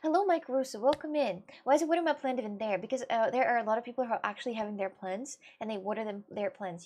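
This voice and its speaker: Her voice sits on the high side and is a little mellow, moving fast with hardly any pauses. She's a young woman whose first language is Russian, chatting loosely with livestream viewers, giggling, laughing often and restarting sentences in a scattered way.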